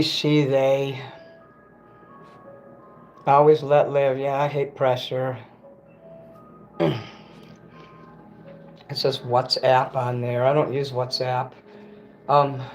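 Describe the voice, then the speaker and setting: A man's voice: medium pitch, level tone, slow pace, pauses often, faint music behind. A man on a casual livestream, ranting bitterly and cursing, often stopping to correct himself. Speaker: livestream host.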